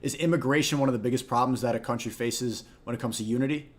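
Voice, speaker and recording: Male host, mid-pitch, calm and measured, casual interview. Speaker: livestream host.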